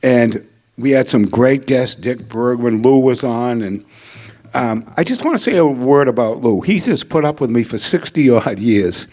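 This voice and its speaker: A man's voice: mid-range voice, expressive, a little slow, mellow. An older man speaks into a podium microphone at a ceremony. He tells his story with humor and quips, in a mid-range voice, like a seasoned speaker thanking the people around him. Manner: joking anecdotal storyteller. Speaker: hall of fame inductee. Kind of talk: acceptance speech. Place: ceremony hall.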